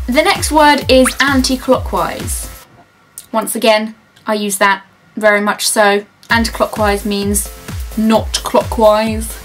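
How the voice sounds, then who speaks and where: A young woman with a southern English accent, chatting casually and animatedly in a vlog, with faint music behind her. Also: takes it slowly. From Brighton, southern England. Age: young adult. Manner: chatty and animated, jumping up in pitch for mock greetings. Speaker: vlogger.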